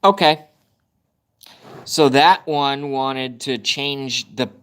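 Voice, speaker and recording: A man talks straight into his phone on a live stream, venting at length with frustrated swearing. His voice sits at an ordinary middle pitch. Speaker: livestream host. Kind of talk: casual live-stream rant. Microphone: phone camera at arm's length.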